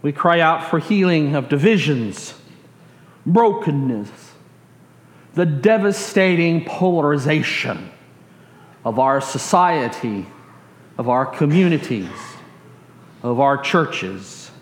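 A man preaching a sermon, slow and emphatic, leading the congregation in call and response. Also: fairly high pitch, lively intonation. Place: church sanctuary. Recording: echoey hall with long reverb.

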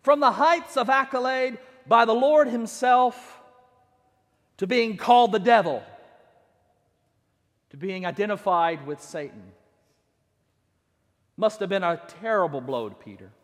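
A man's voice: sits high, expressive, a little slow, long pauses. A man preaching a sermon, telling the story with dramatic swings and acting out the quotes. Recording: long hall reverb.

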